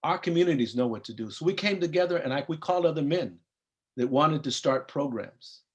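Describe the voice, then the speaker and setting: A man's voice: on the high side, animated, brisk. A man in his fifties from California, a psychologist telling an earnest personal story at a briefing and acting out the dialogue. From US (Compton, California). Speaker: psychologist and program founder.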